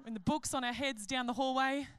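A woman giving a sermon at a conference, chatty and animated, joking and laughing at her own stories. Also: sits high, fairly quick, clean tone, dry recording. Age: adult. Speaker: conference speaker, pastor.

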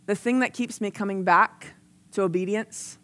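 This woman's sermon comes through a microphone in a fairly bright, medium-pitched voice at normal speed. Earnest and conversational, she shares personal stories full of "like" as her intensity rises.

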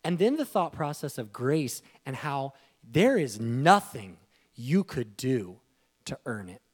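A man in his thirties giving a devotional talk, telling a family story with laughter and rising emotion. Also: takes it slowly. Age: 30s. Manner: animated, laughing, voice climbing high when moved. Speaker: speaker.

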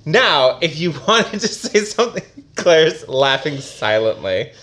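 A man co-hosting a casual comedy podcast, jokingly explaining grammar like a schoolteacher. His pitch swings widely, rising and falling with each punchline. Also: slow. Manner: playful mock-lecturing, animated. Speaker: podcast co-host.

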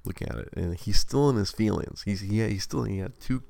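A man in his thirties tells a long story on a live stream in a very deep, gravelly voice. He rambles, restarts his sentences, and laughs at himself. The sound is dry and close to the mic. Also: a little fast, dark tone, dry recording. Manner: rambling, self-mocking, many restarts and laughs. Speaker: livestream host. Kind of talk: casual storytelling chat.

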